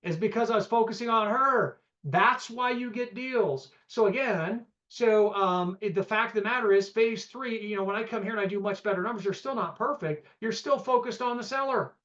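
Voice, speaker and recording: A man teaching a live real estate investing seminar, energetic and conversational, peppering the audience with rhetorical questions and "okay?". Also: high voice, moderate pace, hardly any pauses, dull audio.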